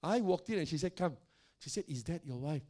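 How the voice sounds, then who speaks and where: An older man, a pastor, telling stories in a sermon in a loud, animated way, often laughing and acting out the voices of the people he quotes. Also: on the high side, brisk. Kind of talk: sermon storytelling.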